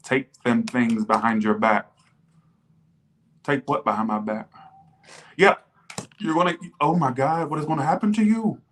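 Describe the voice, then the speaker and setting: A man's voice: medium pitch, unhurried, pauses often, a bit bright, slight background noise. A man reading tarot for his viewers in a loose, chatty way. He is blunt and swears freely, and he keeps breaking into mock back-and-forths with imagined viewers. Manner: blunt, profane, jumps into mocking imagined viewers. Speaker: tarot reader. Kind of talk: casual tarot reading livestream.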